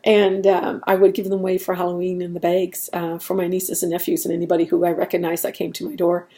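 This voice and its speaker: Woman vlogger, casual and chatty, mellow tone, rambling self-deprecating delivery. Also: fairly low pitch, monotone, quick pace. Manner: chatty and rambling, laughs at herself. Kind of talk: casual chat.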